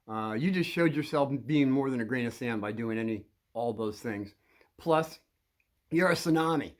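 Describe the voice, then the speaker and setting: A man giving rambling advice to children about bullies, acting out scenes and bursting into loud quoted lines. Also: medium pitch.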